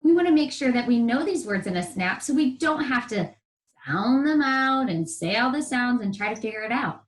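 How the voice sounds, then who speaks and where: A woman's voice: a little high, lively intonation, normal speed. A woman teaching first-grade reading, upbeat and encouraging, drawing out sounds for young children. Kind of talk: broadcast classroom lesson to children. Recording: roomy echo.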